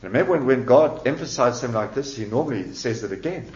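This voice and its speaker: A man's voice: medium pitch, animated, quick pace, a little mellow. A man preaching a sermon as pastor, emphatic and repeating key words with rising and falling delivery. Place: church. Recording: echoey church hall, dull lo-fi sound.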